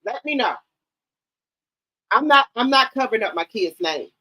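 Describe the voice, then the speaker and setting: Middle-aged woman, livestream host, high voice, blunt and emphatic casual chat. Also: animated, moderate pace, pushed and bright, poor audio. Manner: blunt, emphatic, repeats herself.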